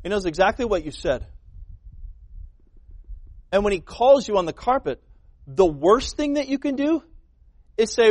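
A man preaches a sermon in a notably high voice, pressing his points hard and repeating words for stress. He slips into quoted voices as he goes. The sound is close and dry, with no room around it. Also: very animated, unhurried, pauses often, no room sound. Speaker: pastor.

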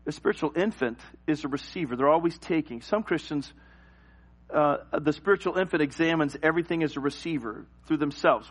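Animated storytelling preacher, man. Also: on the high side, brisk, breathy edge. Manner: animated storytelling, acts out scenes and cries. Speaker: pastor. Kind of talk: sermon with personal stories.

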